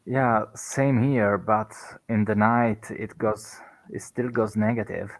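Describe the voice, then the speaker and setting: Man, low voice, laid-back, game player chat. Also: steady tone, slow. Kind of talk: casual chat.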